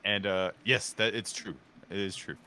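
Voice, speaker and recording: A man's voice: low-pitched, normal speed, a little hiss or hum. A young man chatting casually while streaming a game, telling jokey stories and thanking viewers. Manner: animated, jokey storytelling with acted quotes. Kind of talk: casual gaming stream chat.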